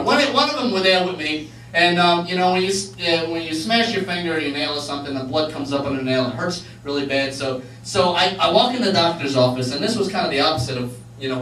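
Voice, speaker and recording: A man giving a church message as an animated storyteller, often laughing between lines. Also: a little high, slight background noise. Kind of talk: storytelling sermon. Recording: echoey room, mic far off.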